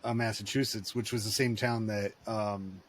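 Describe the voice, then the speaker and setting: A man's voice: fairly low pitch, steady tone, normal speed. A man in casual podcast chat, telling rambling, digressive stories.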